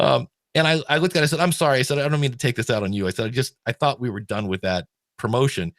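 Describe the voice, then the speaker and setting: Middle-aged male podcast host, casual animated storyteller, dry close mic. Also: mid-range voice, quick pace, no echo. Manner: animated, stumbling restarts when excited.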